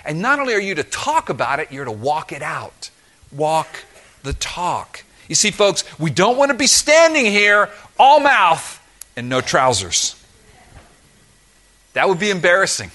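A man preaching a sermon as pastor, lively and emphatic with touches of humor. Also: sits high, unhurried.

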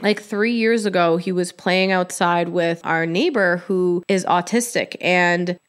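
A woman hosting a podcast in casual chat, candid and expressive, with her talk full of "like". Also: on the low side, a little slow, clean tone. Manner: chatty, heavy use of "like". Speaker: podcast host.

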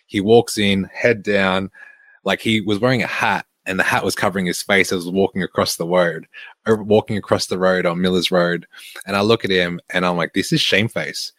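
A man with an Australian accent and a very deep voice tells a story in an easy, sweary way and laughs often. He is recorded close and dry, with no room sound. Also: steady tone, a little fast, fairly bright tone, no room sound. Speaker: online fitness coach. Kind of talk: casual storytelling monologue.

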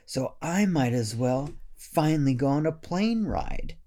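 A man's voice: a little high, lively intonation, a little slow, warm tone. A man voicing a carefree male squirrel thief in a storybook tale, eager and dreamy.

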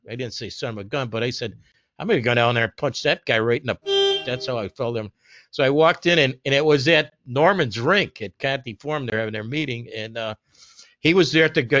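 A man's voice: mid-range voice, fairly bright tone, no echo. A man reminiscing casually in a group conversation, rambling through anecdotes with many restarts and quoted dialogue. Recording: dull lo-fi recording.

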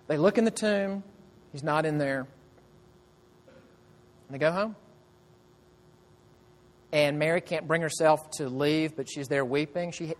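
Male pastor, fairly high voice, conversational sermon storyteller, long hall reverb. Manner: conversational storytelling with rhetorical questions.

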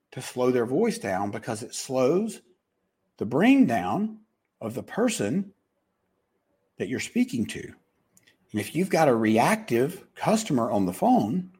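A man with a slightly husky, fairly high voice gives business advice. His pitch swings widely as he talks, dropping low and jumping high to make his points. He talks in a lively, animated way. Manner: animated, acts out phone calls in voices. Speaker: business speaker.

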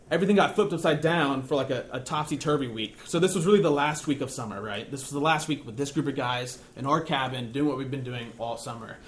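A man's voice: a little high, slight background noise. A young man preaching a sermon in a conversational, self-deprecating storytelling way.

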